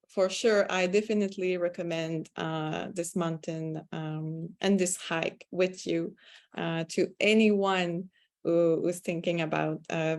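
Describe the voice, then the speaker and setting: Woman, French Canadian accent, podcast host, slightly low voice, unhurried, thoughtful, many ums. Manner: slow, measured and reflective, with frequent ums. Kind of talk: interview podcast conversation.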